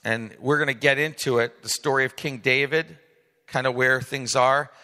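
A man preaching a sermon as pastor, swinging from soft asides to loud emphatic peaks. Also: mid-range voice, fairly even intonation, normal speed, long reverb tail.

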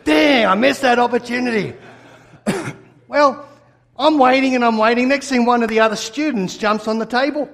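A pastor telling a personal story in a sermon, animated and acting out his own replies. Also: extremely high pitch, moderate pace.

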